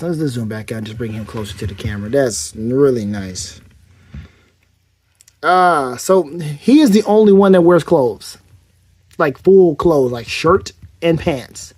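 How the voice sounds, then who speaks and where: A man giving a casual, rambling toy review, joking around and correcting himself as he goes. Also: fairly high pitch.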